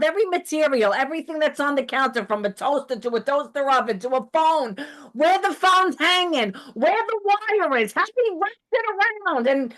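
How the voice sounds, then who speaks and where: A woman holds forth on a casual podcast, her voice sitting high. She rants in a heated, profane way, jumping into animated storytelling. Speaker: podcast host. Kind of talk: casual ranting chat.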